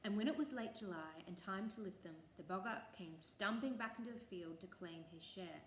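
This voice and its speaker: Woman storyteller reading a folk tale, mid pitch, echoey room, faint hum behind. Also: moderate pace.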